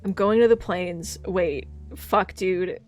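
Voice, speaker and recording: Streaming a video game, a woman chats casually in a fairly low, slow, slightly mellow voice while faint music plays behind her. She swears a lot and reads the game's text aloud.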